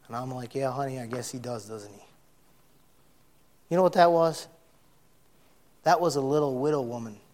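A middle-aged man preaching a sermon, folksy and blunt, swinging from loud shouts to soft, emotional storytelling. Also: medium pitch. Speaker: pastor.

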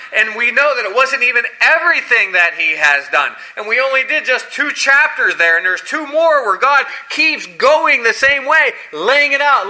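A man preaching a sermon, telling scripture stories dramatically and acting out the quoted lines with big swings in pitch and loudness. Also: low-quality recording.

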